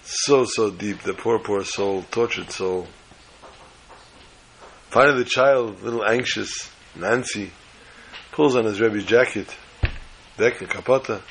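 Rabbi delivering a folksy, emphatic sermon story; husky, raspy tone. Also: male voice, mid-range voice, a bit bright.

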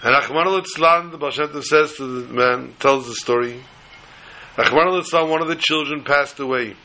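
A man who teaches religion, telling a story in a sermon in an animated way. He scatters Hebrew and Yiddish terms through it. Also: medium pitch, normal speed, rough recording.

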